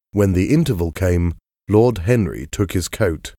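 A man narrating a story in a measured, expressive reading. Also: sits low, no room sound, studio quality.

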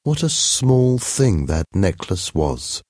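A man's voice: sits low, big pitch swings, slow pace, a little mellow, dry recording, studio quality, full character voice. A man reading a story aloud, voicing a poor, worn-down woman in a slightly raised, earnest voice.

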